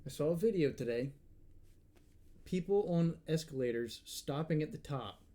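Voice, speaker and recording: A man co-hosting a comedy podcast in casual chat, dropping offbeat deadpan non sequiturs. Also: a little high, moderate pace. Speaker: podcast co-host.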